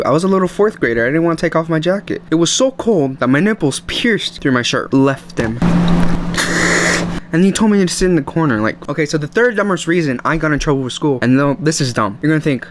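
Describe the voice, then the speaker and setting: A young vlogger tells funny school stories to the camera, joking and poking fun at himself, with sudden high yelps. He talks quickly in an animated voice, and a little hiss or hum sits under the recording.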